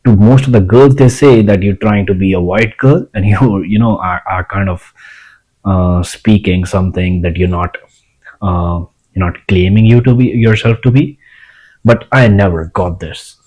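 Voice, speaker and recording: A man's voice: low-pitched, moderate pace, darkish tone, rough recording. A young man, talking casually to the camera in a rambling way, repeating himself and restarting lines. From India. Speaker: vlogger.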